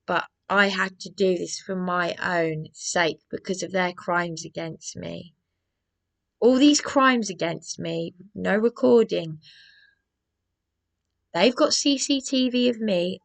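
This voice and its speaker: Slow, gravelly woman ranting. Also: medium pitch. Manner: agitated, aggrieved ranting with many restarts. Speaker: vlogger. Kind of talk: rambling personal monologue.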